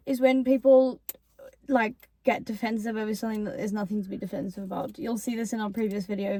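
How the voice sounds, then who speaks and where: A woman's voice: mid-range voice, mellow, no echo. A young woman co-hosting a casual chat, talking in a blunt, sweary, mock-scolding way. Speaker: co-host.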